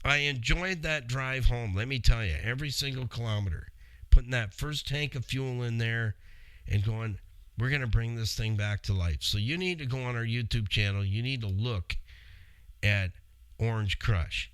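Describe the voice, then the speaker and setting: A man's voice: medium pitch, moderate pace, a bit bright, smooth, dry recording. A middle-aged man hosting a show, telling a long story in a rambling, chatty way and speaking straight to his listeners. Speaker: radio show host. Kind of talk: casual storytelling.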